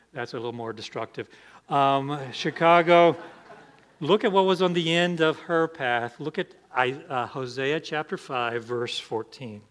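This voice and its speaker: A man's voice: medium pitch, fairly bright tone. A man pastor preaching an emphatic sermon, asking the congregation rhetorical questions.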